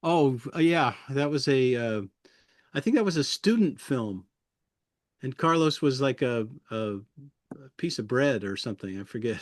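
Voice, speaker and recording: A man's voice: medium pitch, expressive, moderate pace, no echo, studio quality. A man who works as a puppeteer, chatting casually as an interview guest, chuckling often and rambling loosely through his memories.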